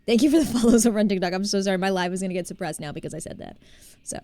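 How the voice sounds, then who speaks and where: A woman's voice: mid-range voice, rapid-fire, dark tone, no room sound. A woman from New Jersey with a New Jersey accent, chatting casually with viewers while she plays a game on a live stream. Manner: chatty, reads chat aloud and greets viewers.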